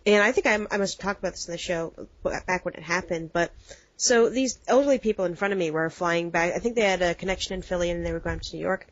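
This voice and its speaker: A woman's voice: fairly low pitch, quick pace, no echo. An American woman co-hosting a podcast, telling rambling stories in casual chat and acting out what people said. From United States. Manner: rambling storyteller, acts out quotes. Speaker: podcast co-host. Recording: dull lo-fi dry sound.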